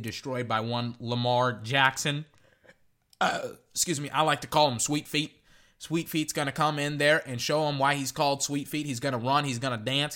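A young man ranting through his weekend football picks in casual solo commentary, exasperated and jumping up and down in pitch. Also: pushed and bright. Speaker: sports podcaster giving picks. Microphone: echoey metal can around the mic.

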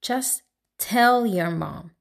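A woman's voice: mid-range voice, expressive, extremely slow, gravelly, exaggerated voice. A woman voicing a blunt teenage girl who lectures her best friend. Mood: lecturing. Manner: lecturing, matter-of-fact.

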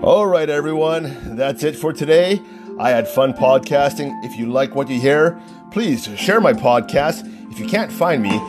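A man's voice: fairly high pitch, lively intonation, a little slow, over music. A man hosting his own podcast, arguing emphatically and repeating himself, with rambling fillers. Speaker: podcast host. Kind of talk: solo sports podcast rant.

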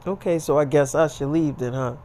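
A man's voice: on the high side, brisk, warm tone, lightly acted. A man voicing an angry young man who curses and talks indignantly, in a casually told story. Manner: indignant, profane.

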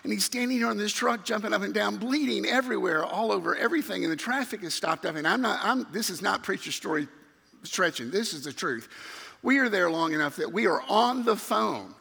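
A middle-aged man preaching with a bright, high, gravelly voice. He tells his story with animation and acts out the other people in it. His voice rings through a church hall with a long echo. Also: expressive, brisk. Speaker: youth minister. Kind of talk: sermon storytelling. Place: church sanctuary. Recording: reverberant hall.

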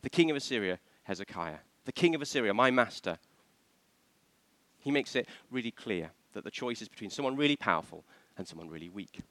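A man's voice: on the low side, lively intonation, brisk, fairly bright tone, no room sound. A man preaching a sermon, asking the congregation questions and acting out the voices he quotes.

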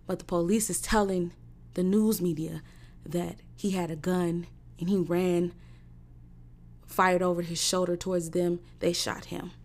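A woman in her thirties hosts her own talk show in a loose, unscripted monologue. Her voice carries a gravelly vocal fry. She is blunt and profane and hammers her points home by repeating the same phrases. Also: fairly low pitch, level tone, unhurried, darkish tone.

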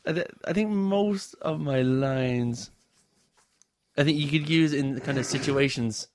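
A man's voice: on the high side, measured pace, dry recording, studio quality. A man in casual chat, laughing often and acting out quoted lines.

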